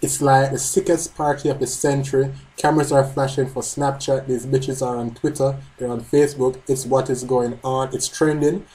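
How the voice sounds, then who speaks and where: A man's voice: medium pitch, little pitch movement, normal speed, hardly any pauses, mellow, rough recording. Casual, joking manga reaction host, a man. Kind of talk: live reading and reaction.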